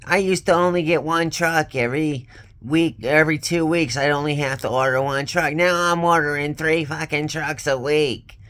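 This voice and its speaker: Man doing a shrill, complaining stingy boss lady, voice pushed high and strained. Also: steady tone, moderate pace, fairly bright tone, lightly acted. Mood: whining. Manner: whiny, screeching mockery.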